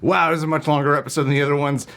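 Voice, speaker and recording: A man co-hosting a reaction video, excitable and laughing often as he talks. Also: a little high, very fast, noisy background. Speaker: co-host of a reaction channel.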